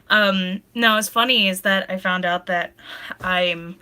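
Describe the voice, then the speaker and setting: A woman's voice: medium pitch, fairly even intonation, slow pace, sharp tone, clean tone. A young woman, a pregnant streamer, chatting casually and rambling, often laughing, now and then tearful. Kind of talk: casual chat with live chat.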